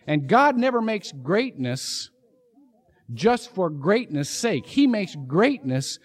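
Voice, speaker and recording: A male pastor preaches in a church with a high, lively voice that swoops widely. He tells stories with sudden emphatic bursts. His delivery is animated throughout. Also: slow pace. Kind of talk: sermon. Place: church sanctuary.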